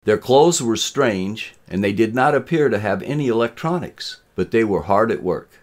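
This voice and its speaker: A man narrating his own story in a lively, expressive reading manner. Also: fairly low pitch, normal speed. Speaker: author reading his novel.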